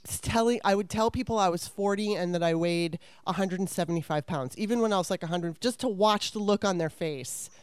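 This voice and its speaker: A woman's voice: fairly low pitch, fairly quick, few pauses, darkish tone, clean tone, no room sound. A middle-aged woman, a former actress, candidly telling stories from her career in a frank, self-deprecating way, swearing freely. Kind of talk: candid conversational storytelling.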